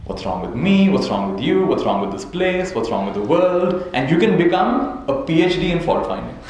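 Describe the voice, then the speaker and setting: A man's voice: fairly high pitch, sing-song, normal speed, a little mellow. A man teaching a live audience as a spiritual teacher, telling stories, chuckling often and checking in with "right?". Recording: very echoey hall, faint noise.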